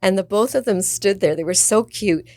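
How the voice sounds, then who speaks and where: A woman's voice: medium pitch, normal speed, a little mellow, no room sound, clean studio sound. A woman in her seventies, a guest author, telling anecdotes in casual conversation and laughing often. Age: 70s. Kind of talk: casual storytelling chat.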